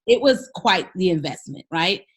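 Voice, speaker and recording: A woman with a slightly husky, breathy voice tells a personal story with lots of energy. Her pitch swoops up and down as she acts out what people said. She hammers her key phrases home like a preacher. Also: expressive, moderate pace. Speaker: podcast guest, storyteller and speaker.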